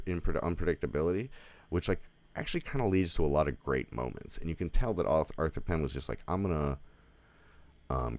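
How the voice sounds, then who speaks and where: A man giving a casual, rambling movie review at home, swearing freely and leaning on "like" as he talks. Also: very deep voice. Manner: rambling, profane, heavy use of "like". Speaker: film reviewer. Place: home, with a dog nearby.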